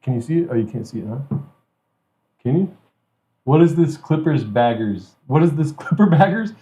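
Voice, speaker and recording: A man's voice: on the high side, animated, normal speed, dark tone. A man hosting a podcast, chatting casually in a rowdy, joking way with lots of swearing and laughter. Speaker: podcast host. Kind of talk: casual chat.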